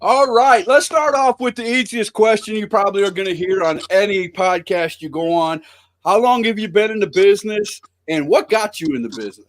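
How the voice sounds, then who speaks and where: A man with a notably high-pitched voice hosts a live podcast interview. He talks in an upbeat, hype-man way, reading out viewer comments and leading with easy questions. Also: fairly quick. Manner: upbeat, hype-style introductions. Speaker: podcast host.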